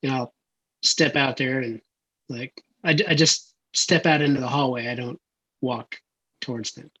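A man playing a Western tabletop game, talking in a hesitant, halting way. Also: medium pitch, a bit bright, breathy edge. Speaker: player. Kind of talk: tabletop role-play.

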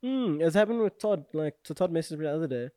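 Rambling young man with a high voice. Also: lively intonation, fast talker, warm tone, no echo, studio quality. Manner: rambling, filler-heavy, swears casually. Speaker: podcast co-host. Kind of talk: casual chat.

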